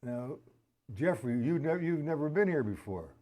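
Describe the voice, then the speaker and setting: A man's voice: on the high side, expressive, moderate pace, warm tone. A man teaching drum rudiments on a live stream, counting beats aloud and chatting with viewers in the chat.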